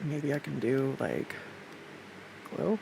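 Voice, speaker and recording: A woman's voice: a bass voice, animated, slow pace, vocal fry, background noise. A woman art streamer chatting casually while she draws, rambling with lots of fillers, restarts and the odd swear, recorded on a desktop USB mic at home. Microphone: desktop USB condenser mic.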